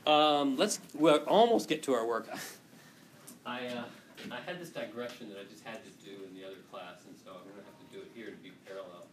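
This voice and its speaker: Male teacher, classroom lecture, self-deprecating, lots of restarts, medium pitch, faint background noise. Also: fairly quick. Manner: rambling, self-deprecating, laughs often, many restarts. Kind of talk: classroom lecture with a personal story.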